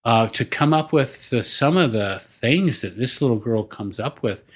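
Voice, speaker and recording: A man's voice: mid-range voice, lively intonation, unhurried, husky. Older man, rambling storyteller. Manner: rambling, many restarts and fillers, chuckles now and then. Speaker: podcast guest, business coach. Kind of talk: casual storytelling.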